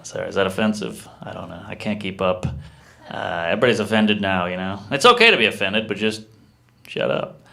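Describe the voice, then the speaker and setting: A man doing a stand-up comedy set in a live club, delivering deadpan one-liners with quick asides to the crowd. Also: lowish voice, gravelly.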